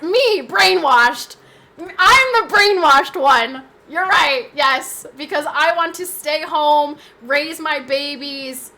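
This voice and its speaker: High-pitched, bright, and forceful, a young adult woman's voice carries through a relaxed live stream from her home. Chatty and speaking straight to her viewers, she fills her talk with fillers and frequent restarts.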